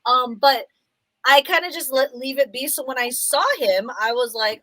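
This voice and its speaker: A woman's voice: high-pitched, moderate pace, poor audio. A woman in her thirties co-hosting a casual chat, telling a story and acting out the people in it. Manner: animated, acts out quotes in other voices. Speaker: co-host.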